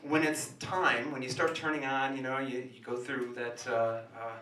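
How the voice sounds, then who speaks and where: A man tells a stand-up story with an animated delivery, dropping into near-whispers and then bursting out loud. His voice is bright and forceful. He is recorded from a distance in a small café, and the sound is roomy. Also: mid-range voice, normal speed, a little hiss or hum. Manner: animated storytelling, switching between hushed asides and sudden loud outbursts. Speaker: comedian. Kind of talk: stand-up comedy monologue.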